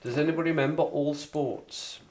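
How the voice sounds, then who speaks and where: A man's voice: fairly high pitch, steady tone, moderate pace, darkish tone. A man from the Black Country with a local accent, chatting casually and rambling on a livestream. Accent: Black Country English. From England, Black Country. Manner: rambling, chatty, repeats himself. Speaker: livestream host. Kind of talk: casual chat with live chat.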